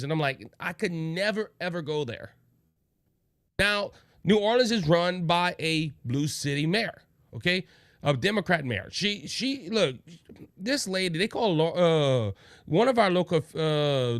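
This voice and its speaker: A man's voice: sits high, fairly bright tone, no room sound, clean studio sound. A man hosting a casual political talk show from Louisiana, rambling and restarting often, reading viewer comments aloud. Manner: rambling, repeats himself and restarts. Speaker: podcast host.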